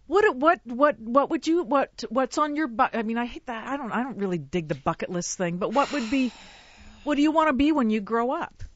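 Casting: a woman host, high-pitched and springy, encouraging and a little tongue-tied. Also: normal speed, no room sound, muffled recording. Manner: lively, encouraging, stumbling over questions. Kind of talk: casual chat.

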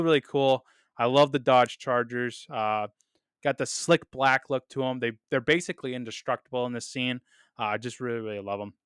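A man hosting a casual solo podcast, full of enthusiasm, with lots of fillers and repeated words, often trailing off quietly at the end of sentences. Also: medium pitch, clean tone, dry recording, clean studio sound. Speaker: podcast host reviewing films.

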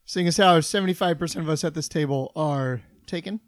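A man with a high-pitched voice co-hosts a casual chat, reading down a list and dropping dry one-liners. The room sounds dry and close, with no echo. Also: a little fast. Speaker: podcast co-host reading the list. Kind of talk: casual banter. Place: table in a dry studio room.

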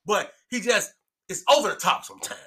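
A man's voice: high voice, expressive, brisk, pushed and bright. A man chatting casually as a podcast guest, boisterous and profane, laughing often. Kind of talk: casual chat.

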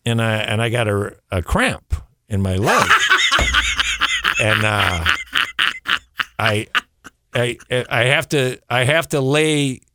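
A man's voice: medium pitch, very animated, slow pace, long pauses, sharp tone, slight background noise. A man telling a long story as a guest on a radio show, repeating words and chuckling as he goes. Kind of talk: casual storytelling.

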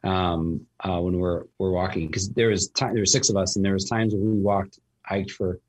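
A man with a low, husky voice, chatting casually as a host. He rambles through his story, full of ums and restarts. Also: steady tone, normal speed. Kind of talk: casual conversation.

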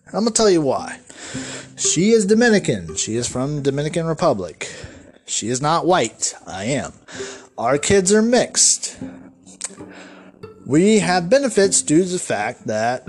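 A man delivering a solo podcast monologue, ranting in a rambling, profane way with lots of restarts. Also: fairly high pitch. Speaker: podcast host.

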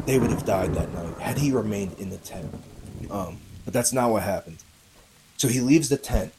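On a low-quality recording with slight background noise, a man with a fairly low voice hosts a podcast and tells a true story casually, speaking directly to his listeners. He uses plenty of fillers and tag questions, getting louder and more urgent whenever the story turns tense.

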